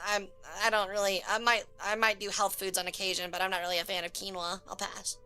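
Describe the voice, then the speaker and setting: A woman's voice: medium pitch, little pitch movement, quick pace, pushed and bright, soft background music. A woman streamer chatting casually with her viewers, joking crudely and rambling in a chaotic way. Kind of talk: casual live-stream chat.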